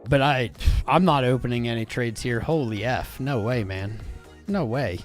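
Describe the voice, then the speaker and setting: A young man hosting a casual livestream, chatting with viewers in an excitable, informal way. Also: medium pitch, normal speed, faint music behind. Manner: animated, swearing, informal and excitable. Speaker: crypto livestream host. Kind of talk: casual livestream chat reading viewer comments.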